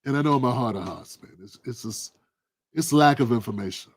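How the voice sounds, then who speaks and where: A man hosting his own political commentary livestream, talking in an animated, preachy, colloquial way. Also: mid-range voice, fairly quick, breathy edge, no room sound, studio quality. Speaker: livestream host.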